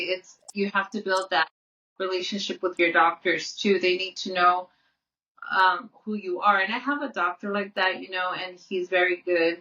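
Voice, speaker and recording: A woman's voice: fairly low pitch, pushed and bright, recorded from a distance. A woman co-hosting a podcast in casual chat. She talks earnestly, restarts often and repeats her words. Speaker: podcast co-host. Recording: muffled audio, off-mic.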